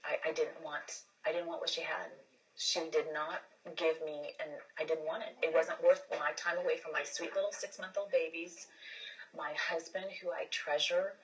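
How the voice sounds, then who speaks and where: A woman's voice: sits low, steady tone, normal speed, highs cut off. A woman hosting a casual livestream, talking earnestly and emphatically, rambling with many restarts and repeated words. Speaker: livestream host.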